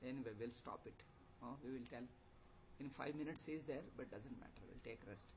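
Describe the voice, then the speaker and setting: A man's voice: medium pitch, fairly quick, a little hiss or hum, poor audio. An older man teaching a spiritual lecture, emphatic and repetitive, asking rhetorical questions. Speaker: Vedanta teacher.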